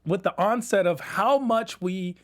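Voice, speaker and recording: High-voiced joking man co-host. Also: measured pace. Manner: joking, wordplay, then earnest analysis. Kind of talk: casual TV recap chat.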